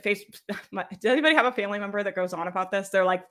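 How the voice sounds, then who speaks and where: Bright-voiced chatty woman coach. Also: on the high side, fast talker. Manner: chatty, laughs often, checks in with "right?". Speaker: business coach leading a workshop. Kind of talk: casual live workshop teaching.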